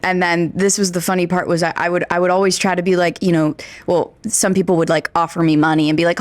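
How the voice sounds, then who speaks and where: A bubbly, chatty young woman with a light Pennsylvania accent, talking a bit lower than most women. The sound is dry and close. She laughs easily and rambles through her stories as an interview guest. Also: flat delivery, fast talker, few pauses, no echo. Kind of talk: casual interview chat. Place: record store.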